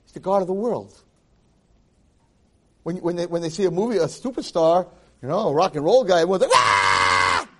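A man, a rabbi, giving a lively Torah class, acting out quotes and dropping Hebrew phrases into his English. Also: high-pitched, fairly quick, pauses often. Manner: animated, acts out quotes and shouts for emphasis. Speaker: rabbi and teacher.

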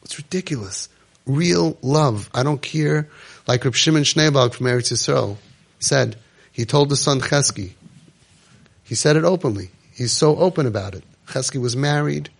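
A man's voice: normal speed, creaky, breathy edge. Emotional man speaking to parents. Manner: emotional, acts out parent and child voices, drops to soft low tones. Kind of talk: impassioned talk to parents.

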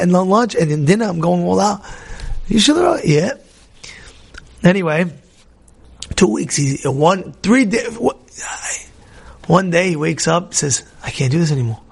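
A man teaching a Torah class in an animated storytelling style, acting out dialogue with many restarts and swinging between loud and soft. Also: sits high, vocal fry.

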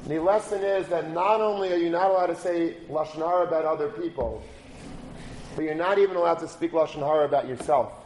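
A man's voice: on the high side, fairly quick, a little hiss or hum. Man preaching through a story, roomy sound. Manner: animated storytelling, rising to forceful exhortation. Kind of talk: storytelling sermon. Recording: roomy recording with faint background.

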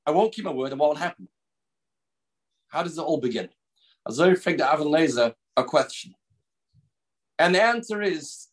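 Man, rabbi's daily lesson, earnest, higher-pitched voice, slows for emphasis. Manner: earnest, emphatic, slows to stress key words. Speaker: rabbi teaching a daily class. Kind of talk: recorded Torah lecture.

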